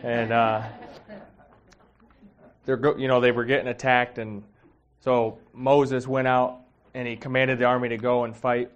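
A man's voice: medium pitch, little pitch movement, measured pace, clear, resonant tone, highs cut off. A man giving a casual, heartfelt sermon, talking conversationally with many fillers and getting emotional. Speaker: preacher.

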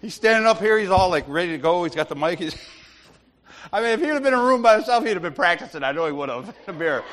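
A man's voice: sits high, animated, fast talker, fairly bright tone. Laughing man preaching in a reverberant church. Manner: storytelling, laughs often, acts out others. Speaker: lay preacher. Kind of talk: informal sermon with anecdotes. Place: church sanctuary. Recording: long hall reverb.

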